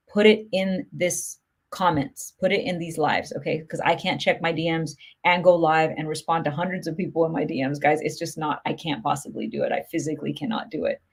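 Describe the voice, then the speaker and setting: Low-pitched and slightly rough, her steady voice runs a little fast. She's promoting music on a laid-back livestream, replying to viewers' comments in an upbeat, chatty manner full of "like" and "you know".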